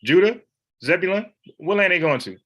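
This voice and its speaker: A man's voice: high voice, expressive, moderate pace, a bit bright. A man leading an informal Bible study, talking in an emphatic, slangy, conversational way.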